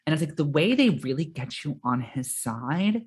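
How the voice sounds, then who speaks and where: A casual podcast co-host rambles through thoughts about a film, stacking fillers and restarts. The voice sits at an ordinary middle pitch. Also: moderate pace, slightly rough. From America. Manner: rambling, full of "like", animated quoting.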